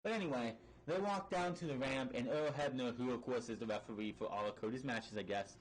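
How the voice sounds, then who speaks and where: A man's voice: mid-range voice, fairly quick, rough recording. A man casually recapping a wrestling match play-by-play, rambling with fillers and frequent swearing. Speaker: wrestling show reviewer.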